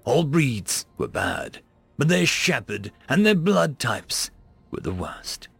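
A man reading science-fiction stories aloud as a narrator, with an expressive delivery. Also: mid-range voice, slow pace, vocal fry, husky, faint music behind. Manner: expressive reading that rises and falls. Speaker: story narrator.

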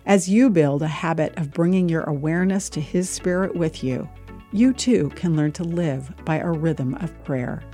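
A woman hosting a short devotional program, reading a scripted reflection in a calm, measured way. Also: deep voice. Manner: calm, measured reading over soft music. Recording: dry studio voice-over with faint music.

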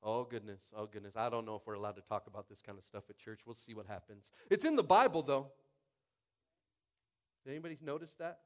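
A man's voice: fairly low pitch, racing, hardly any pauses. A pastor preaching a sermon, reading verses aloud and calling out to his congregation. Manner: animated, calls out to the congregation; reads scripture verses aloud.

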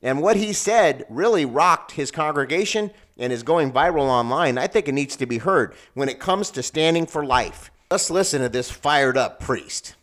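A man's voice: on the high side, lively intonation, normal speed, hardly any pauses, fairly bright tone. A man hosting a commentary show, earnestly introducing a clip.

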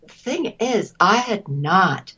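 A woman, a voice actress, telling stories in a casual interview, chatty and quick to laugh, often trailing off mid-sentence. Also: medium pitch, expressive, lo-fi sound, very noisy. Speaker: voice actress guest.

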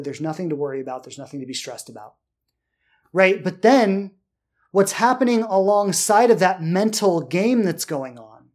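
A man hosting a solo podcast, calmly thinking aloud about letting go of fear and tension, often checking in with "right?". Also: sits high. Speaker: podcast host. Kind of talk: reflective solo podcast talk.

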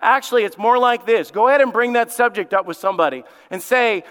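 A man's voice: extremely high pitch, fairly bright tone, clean tone. Emphatic man preaching in a reverberant church. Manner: emphatic preaching with dramatic pauses and repetition. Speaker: lead pastor. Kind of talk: sermon. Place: church sanctuary.

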